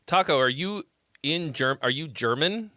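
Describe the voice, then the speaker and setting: A man's voice: a little high, expressive, measured pace, sharp tone, no room sound, studio quality. A man hosting a song-feedback livestream in a rambling, profane, joking casual chat. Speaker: host giving song feedback.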